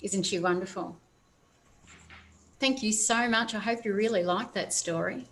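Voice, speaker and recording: A woman reading a picture book at children's story time as a library storyteller, animated and adding playful asides to her young listeners. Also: mid-range voice, unhurried, slight background noise.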